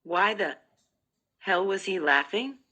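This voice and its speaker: A woman narrating a first-person audiobook in a measured, even reading. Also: mid-range voice.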